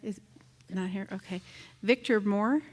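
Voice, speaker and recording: A woman chairing a school board meeting, calmly calling out the names of the next speakers. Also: medium pitch. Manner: unhurried, calls out names. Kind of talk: running a public meeting. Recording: long reverb of a meeting hall.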